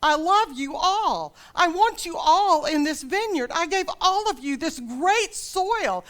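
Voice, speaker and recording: A woman's voice: very high-pitched, animated, slow pace, voice pushed up, heavily acted. A woman preaching in the voice of God as a loving heavenly father who pleads earnestly with his people. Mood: pleading. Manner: impassioned, imploring.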